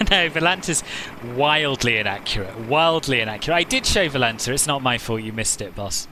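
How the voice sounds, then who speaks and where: A man's voice: medium pitch, huge pitch swings, normal speed, bright, forceful tone, a little hiss or hum. A man hosting a flight simulator live stream, chatting casually, answering viewers' comments and laughing often.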